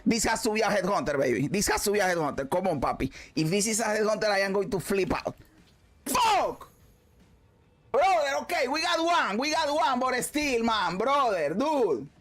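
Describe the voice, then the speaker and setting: A man streaming a video game, commenting loudly, swearing and shouting at the game. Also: high-pitched, expressive, moderate pace. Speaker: gaming streamer. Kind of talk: excited gameplay commentary.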